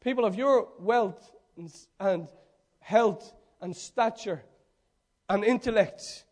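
A man's voice: high-pitched, takes it slowly, darkish tone. A man preaching a fervent sermon, building with rhetorical repetition.

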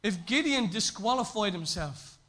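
A man preaching a sermon in a conversational way, swinging between raised, emphatic lines and hushed, low repetitions. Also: lively intonation, moderate pace.

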